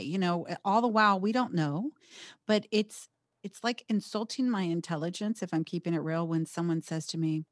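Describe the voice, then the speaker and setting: A woman hosting a podcast, speaking emphatically and encouragingly, with animated quoted speech in her stories. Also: on the low side, no echo, studio quality. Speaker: podcast host. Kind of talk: candid podcast conversation.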